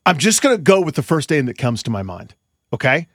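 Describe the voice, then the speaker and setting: A man's voice: a little high, very animated, brisk, no echo, studio quality. A man co-hosting a sports podcast, wisecracking and self-deprecating. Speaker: podcast co-host. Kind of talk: casual sports podcast chat.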